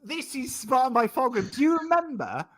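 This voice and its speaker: An English man in his thirties, co-hosting a casual chat and telling stories in an animated way, swearing freely. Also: very high voice, normal speed, dry recording. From England. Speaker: co-host.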